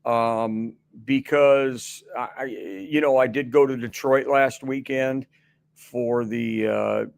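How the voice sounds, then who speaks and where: A man's voice: mid-range voice, steady tone, takes it slowly, creaky, smooth, no room sound. A middle-aged man as a guest on a sports radio show, chatting casually and rambling with many restarts and fillers.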